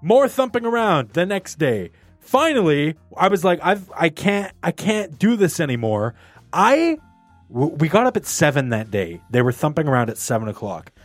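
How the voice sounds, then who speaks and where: A young man casually telling a story among friends, animated, swearing a lot and putting on voices for quotes. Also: on the high side, moderate pace, no room sound, soft background music. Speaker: storyteller in group chat. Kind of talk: casual chat.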